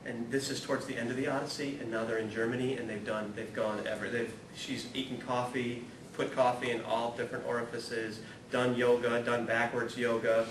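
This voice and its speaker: Man, animated self-deprecating storyteller, spiritual talk, echoey room, distant mic, rumbling noise. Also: a little fast, hardly any pauses. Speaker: speaker at a ministry talk series. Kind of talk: humorous spiritual talk with read-aloud passages.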